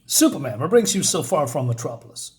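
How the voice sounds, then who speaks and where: A man's voice: fairly high pitch, big pitch swings, brisk, a little mellow. A man voicing a plainspoken small-town sheriff with a folksy drawl.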